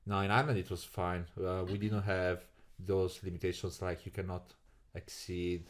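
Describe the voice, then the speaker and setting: An Italian-accented young man from Naples talks as a podcast guest. He tells stories in an animated, joking way and fills gaps with "you know" and "um". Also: low voice, moderate pace. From Naples, Italy. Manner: animated storyteller, jokey, with many fillers. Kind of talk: casual podcast conversation.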